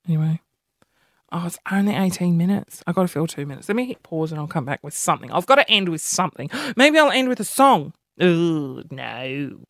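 A woman's voice: on the low side, lively intonation, a little fast, dry recording, studio quality. A woman hosting a casual solo podcast, rambling in half sentences with fillers. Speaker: podcast host.

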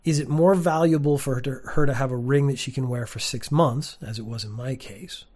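A man speaks in a relaxed, mid-pitched voice. He talks straight to camera in a plain, sparse room, blunt and opinionated, and fills his sentences with "like" and "uh". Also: fairly quick. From Canada. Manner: opinionated, candid, with frequent "like" and "uh" fillers. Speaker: teacher and vlogger. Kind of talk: casual monologue to camera.

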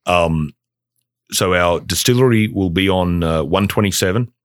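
A very low-pitched man from Australia talks as a podcast guest. He rambles eagerly, piling on fillers as he goes. His voice sounds dry and close to the mic. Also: unhurried, dry recording. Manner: enthusiastic, rambling with many fillers. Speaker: guest, bourbon company founder. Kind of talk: casual podcast chat.

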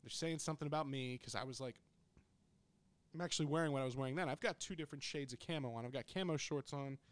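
A man's voice: medium pitch, quick pace, clear, resonant tone, dry recording. A young man on a podcast telling a story in casual, blunt, profanity-laced chat, right up on the microphone. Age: young adult. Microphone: close studio microphone.

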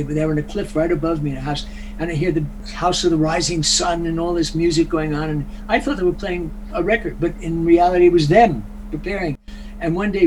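An older man from Brooklyn, chatting casually and telling lively stories. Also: fairly high pitch, a little hiss or hum, poor audio. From Brooklyn, New York. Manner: animated storyteller, acting out voices. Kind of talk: casual chat.

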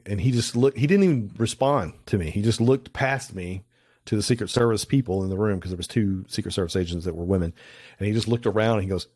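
A man's voice: fairly low pitch, a little fast, darkish tone, dry recording, studio quality. A middle-aged man, a photographer guest, chatting casually and telling anecdotes with plenty of restarts and fillers. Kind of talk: casual interview storytelling.

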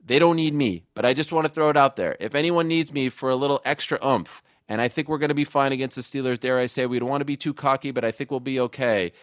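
A man's voice: medium pitch, fast, few pauses, no room sound, studio quality. A man in his forties from Canada, a guest on a talk show, speaking with emotional, gushing energy and tumbling restarts. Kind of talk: excited phone-in chat.

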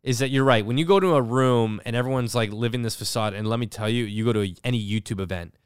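A man co-hosting a podcast, talking candidly in casual chat with animated asides. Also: mid-range voice, quick pace, smooth, dry recording, studio quality. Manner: candid, animated storytelling with acted quotes. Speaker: podcast co-host.

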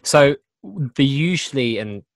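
A man's voice: medium pitch, expressive, a little slow, dry recording. A young man hosting a casual podcast chat, talking in repeated, self-interrupting bursts. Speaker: podcast host. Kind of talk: casual chat over a video call.

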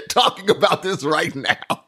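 A man's voice: a little high, creaky, bright, forceful tone, breathy edge. A man co-hosting a podcast, telling a story in casual chat and acting out other people's lines. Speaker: podcast co-host.

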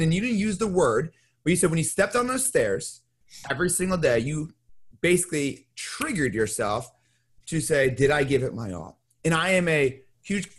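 Male interview host, earnest and encouraging, slightly higher voice. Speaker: podcast host. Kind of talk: interview questions.

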